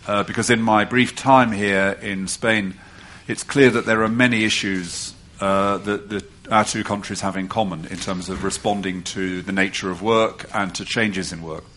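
Low-voiced Englishman who hesitates a lot. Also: steady tone, a bit bright, a little hiss or hum. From England. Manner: halting, with many filler sounds and self-deprecating remarks. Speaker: panel guest, report author. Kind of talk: panel talk.

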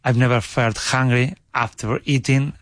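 A man's voice: mid-range voice, fairly even intonation, normal speed, no room sound. Hesitant male English learner, dry sound. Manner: hesitant, restarts sentences when corrected.

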